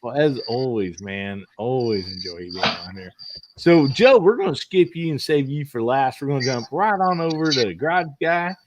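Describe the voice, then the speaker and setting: A man's voice: medium pitch, animated, normal speed, slight background noise. A man hosting a casual live podcast, folksy and generous with praise for his guests. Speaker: podcast host.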